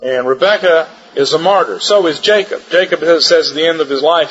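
Male Bible lecturer, emphatic and repetitive, husky, long hall reverb, dull audio. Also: fairly high pitch, a little fast, hardly any pauses, a bit bright. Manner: emphatic, explanatory, repeats key points. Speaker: Bible teacher.

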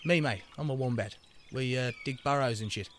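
A man's voice: medium pitch, fairly quick, slight background noise, natural voice. A man voicing a foul-mouthed, laid-back male wombat with an Australian accent and a slangy, swearing drawl. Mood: chatty.

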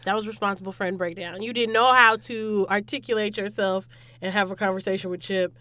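A woman's voice: mid-range voice, steady tone, a little fast, sharp tone, slight background noise. A young woman co-hosting a casual chat, teasing her friend playfully and chiming in with laughter. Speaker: podcast co-host.

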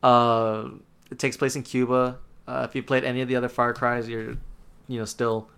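A young man co-hosting a casual podcast, rambling in a relaxed way with fillers. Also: mid-range voice, normal speed, gravelly, clear, resonant tone. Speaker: podcast co-host.

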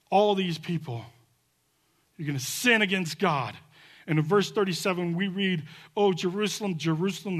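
A man preaching a sermon as pastor, fiery and emphatic, building to near shouts and then dropping soft and low.

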